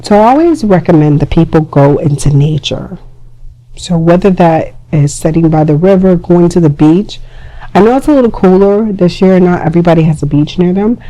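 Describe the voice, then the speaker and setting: A young adult woman hosting a podcast, giving advice in a casual, chatty way with lively acted-out quotes. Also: lowish voice, normal speed, poor audio. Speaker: podcast host.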